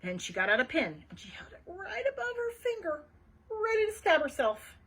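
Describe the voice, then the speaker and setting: A woman's voice: very high-pitched, huge pitch swings, moderate pace, fairly bright tone, poor audio. A woman librarian reading a children's chapter book aloud, adding chatty asides for young listeners.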